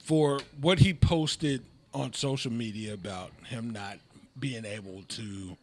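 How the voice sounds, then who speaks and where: Slow, easygoing man on a podcast. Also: mid-range voice, a little hiss or hum. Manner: laid-back storyteller, many fillers and laughs, patient pushback. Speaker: podcast co-host. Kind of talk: casual podcast chat.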